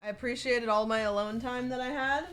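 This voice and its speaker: A woman's voice: a little high, steady tone, brisk, a bit bright. A woman livestreamer chatting casually from a home setup, rambling and peppered with fillers and swearing.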